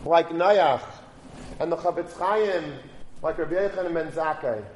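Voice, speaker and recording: Man, storytelling sermon, animated exhortation, echoey room, faint background noise. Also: a little high, measured pace. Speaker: preacher. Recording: roomy recording with faint background.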